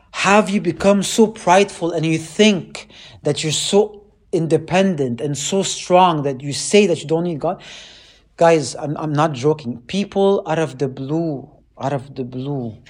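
A man, a priest, preaching in a casual, animated way and often checking in with his listeners. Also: fairly high pitch. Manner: animated, keeps asking listeners "right?". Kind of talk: conversational sermon.

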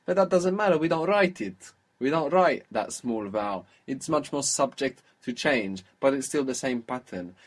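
A man's voice: mid-range voice, animated, moderate pace. A man teaching a spoken language lesson, patiently prompting and praising his student.

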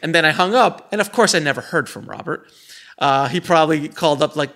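Gravelly, bright-voiced man telling stories. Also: fairly high pitch, a little fast. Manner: animated storyteller, laughs often, many restarts. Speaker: guest filmmaker. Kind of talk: casual interview chat.

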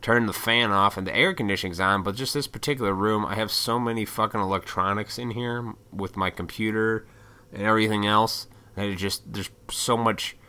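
A young man talks into a desk mic from a small home room, rambling loosely and swearing often. His voice sits on the low side but has a bright, forceful edge. He piles on fillers as he wanders from one thought to the next. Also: clear, resonant tone. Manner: rambling and profane, with many fillers. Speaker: YouTuber and toy collector. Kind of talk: casual solo chat. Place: small hot home room full of electronics.

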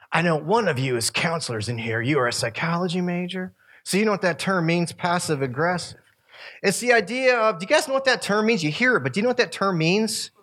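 A man in his fifties delivers a sermon-style talk to young people, telling stories, laughing at his own asides, and addressing remarks to the room. His voice is high with a sharp tone.

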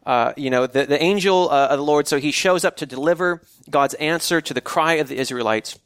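A man's voice: fairly high pitch, brisk, fairly bright tone, smooth, no room sound, studio quality. A man preaching a sermon in a conversational way, often restarting his phrases as he works through a Bible story. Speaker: pastor.

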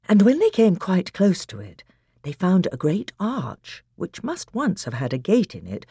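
A woman reads a children's story aloud in a low, slightly husky voice. Her delivery is expressive and lively, rising and falling freely. The sound is close and dry. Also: dry recording. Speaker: audiobook narrator. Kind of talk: audiobook narration of a children's novel.

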